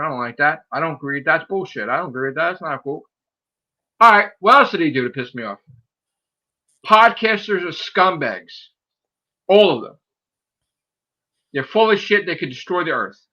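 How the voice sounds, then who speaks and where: A man hosting a podcast, ranting in a heated, profane way and mimicking people in high voices. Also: expressive, normal speed, long pauses, sharp tone. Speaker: podcast host. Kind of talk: heated casual podcast rant.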